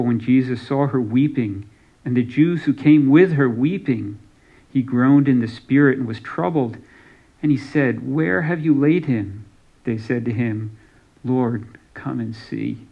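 A man's voice: mid-range voice, creaky, highs cut off. A man preaching a sermon as pastor, reading scripture aloud and giving some lines dramatic emphasis.

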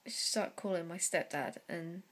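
A young woman talking to camera in a personal vlog, close to tears, halting and full of fillers and sighs. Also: on the low side, fairly bright tone. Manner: slow, hesitant delivery. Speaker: vlogger.

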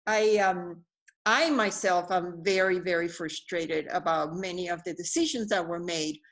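A middle-aged woman presenting a business webinar, telling stories in an animated way with frequent fillers and restarts. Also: on the low side, unhurried.

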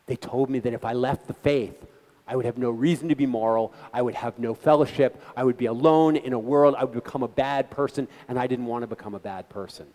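As a guest speaker at a community gathering, a man gives an earnest, conversational talk aimed directly at the audience. His mid-range voice has a darkish tone and moves fairly quickly, and the recording carries a hall's long reverb.

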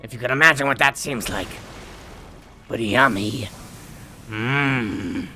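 A man's voice: mid-range voice, slow, bright, forceful tone, faint music behind. A man putting on a smoky, crude old grandma. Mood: lewd boasting. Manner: lewd, drawling and boastful.

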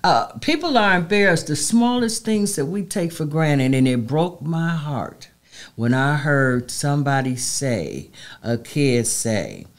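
A woman's voice: sits low, sing-song, measured pace. Middle-aged woman, interview guest, emphatic, heartfelt, preacherly cadence. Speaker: community advocate guest. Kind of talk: interview conversation.

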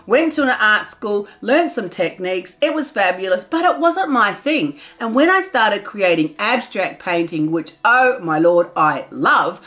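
A middle-aged woman artist giving an excitable, loud and enthusiastic pep talk to her viewers, laughing often. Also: mid-range voice. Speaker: artist vlogger. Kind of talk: motivational pep talk to camera.

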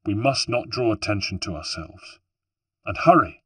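A resolute young man gives firm, urgent orders to keep his family safe, voiced by a male narrator. The voice is deep and a little husky, recorded close and dry. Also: normal speed, no room sound, far from the mic.

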